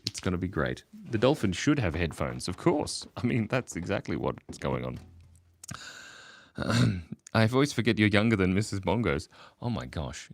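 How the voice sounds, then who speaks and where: A man's voice: low-pitched, no echo. A man, chatting goofily while drawing on a livestream and reading out chat messages. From Australia. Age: 40s. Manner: goofy, rambling, reads chat aloud, laughs often. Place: home, early morning.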